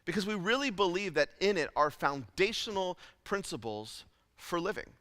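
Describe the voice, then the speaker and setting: A man preaching a sermon as pastor, telling a childhood story in an animated, self-deprecating way with lots of fillers. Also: high-pitched, normal speed, no echo, in a large hall. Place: church auditorium.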